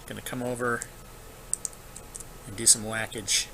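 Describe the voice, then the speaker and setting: Casual, bright-voiced man running a game. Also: fairly low pitch, flat delivery, a little slow, vocal fry, slight background noise, rough recording. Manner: casual, thinking aloud with frequent filler. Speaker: dungeon master. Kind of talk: narrating a tabletop game online.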